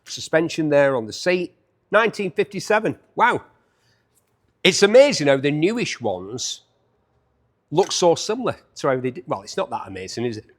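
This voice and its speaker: A man's voice: on the high side, sing-song, normal speed. A man in his fifties hosting a chatty, jokey walkaround preview of bikes up for auction. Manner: chatty, enthusiastic, jokey asides.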